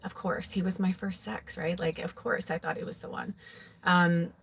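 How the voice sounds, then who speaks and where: A woman with a lowish voice talks through a personal memory in an easy, confessional ramble. She strings her thoughts together with constant "like" and "you know." Her tone stays open and emotional throughout. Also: steady tone, normal speed, vocal fry, breathy edge. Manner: rambling, filler-heavy, with frequent "like". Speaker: psychic tarot reader. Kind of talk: casual personal storytelling.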